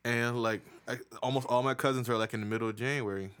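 A man's voice: mid-range voice, fairly even intonation, quick pace, fairly bright tone, clean tone. A man chatting casually, swearing a lot and telling laughing stories, often breaking into mimicked voices for the joke. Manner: crude, laughing storyteller, mimics voices for jokes. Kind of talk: casual chat.

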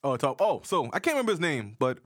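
A man's voice: on the high side, very animated, fast, fairly bright tone, no echo, clean studio sound. A man co-hosting a podcast, talking loosely and profanely in a joking casual chat. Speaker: podcast co-host.

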